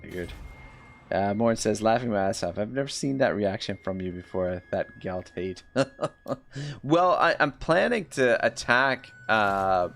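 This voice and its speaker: A man with a Canadian accent gives live commentary on a strategy game, chatting with viewers and reading their messages, his speech rambling and full of fillers and restarts. His voice is on the low side, gravelly and fairly bright, with lively intonation and a slightly slow pace.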